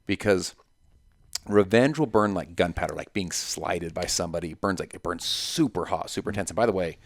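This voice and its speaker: A man's voice: low voice, brisk, creaky, background noise. A man talking as a podcast guest in casual conversation, emphatic and story-driven, with punchy repetitions.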